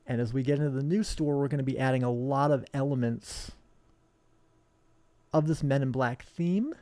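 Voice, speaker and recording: A man's voice: mid-range voice, normal speed, a little mellow, no echo. A man who owns a hobby shop, talking bluntly and combatively in a rambling live stream. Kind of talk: live-streamed casual talk.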